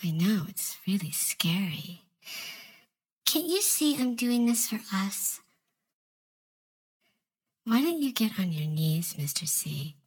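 A woman voicing an obsessive, manipulative young female office intern in an audio role-play monologue, sugary and coy with soft whispered asides. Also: on the high side, animated, unhurried, hardly any pauses. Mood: sweetly menacing.

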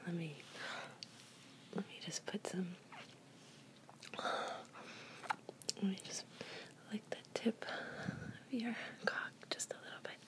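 Slow whispered role-play, young woman. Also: mid-range voice. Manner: soft murmuring whisper with many hums. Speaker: ASMR performer.

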